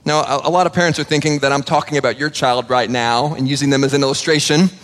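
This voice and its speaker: A man's voice: medium pitch, fairly even intonation, fast, a bit bright. A man preaching a sermon in a conversational way, often restarting words and acting out little dialogues. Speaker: pastor. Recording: long hall reverb.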